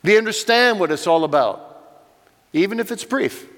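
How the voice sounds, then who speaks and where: An older man teaches earnestly, speaking straight to the parents in front of him. His voice sits a little high for a man. Long reverb from a church hall trails behind every phrase. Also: expressive, normal speed, fairly bright tone. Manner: earnest, direct address to parents. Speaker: Bible teacher.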